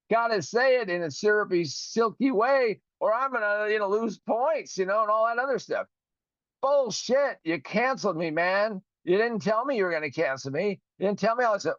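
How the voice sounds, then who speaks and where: A man's voice: high-pitched, lively intonation, moderate pace, a bit bright, no room sound. A man hosting his own show, ranting with profanity and indignation and acting out both sides of a phone call. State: recovering from a broken finger. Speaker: podcast host. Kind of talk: ranting monologue.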